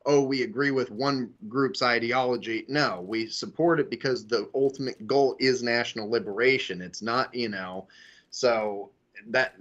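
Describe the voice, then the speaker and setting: A man in a casual political discussion who talks haltingly and fills nearly every pause with "you know". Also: mid-range voice, fairly bright tone. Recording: dull lo-fi audio.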